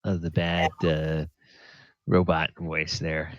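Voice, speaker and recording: A man's voice: very deep voice, completely flat delivery, takes it slowly. A man running a tabletop game as game master, easygoing and hesitant with fillers, over an online voice call. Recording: dull lo-fi voice-call audio.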